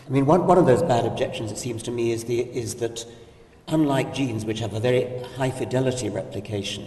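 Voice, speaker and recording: An older man explains ideas in a measured conversational discussion, restarting a phrase now and then. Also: mid-range voice, mellow. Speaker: discussion guest. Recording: echoey hall, distant mic.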